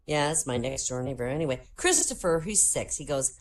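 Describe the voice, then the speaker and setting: A woman's voice: a bass voice, lively intonation, fairly quick. A woman in her sixties doing stand-up jokes in an online voice comedy room, chuckling at her own punchlines. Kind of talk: stand-up joke telling.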